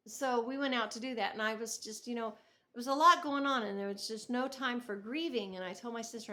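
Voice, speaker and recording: A woman's voice: on the high side, a little fast, pushed and bright. A middle-aged woman telling family stories in a casual, chatty knitting vlog, often laughing and restarting her sentences. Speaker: knitting vlogger. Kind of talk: casual storytelling to camera.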